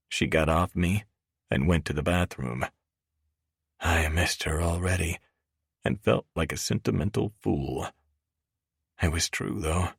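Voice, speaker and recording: A man narrating a romance audiobook in first person, deep and gravelly, with an even, steady reading. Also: no echo, studio quality.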